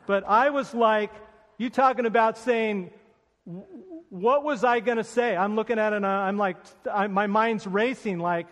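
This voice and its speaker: A man with a high voice preaches a sermon. He tells a personal story with self-deprecating humor. His voice rings with the long reverb of a large hall. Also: normal speed, a bit bright. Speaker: pastor.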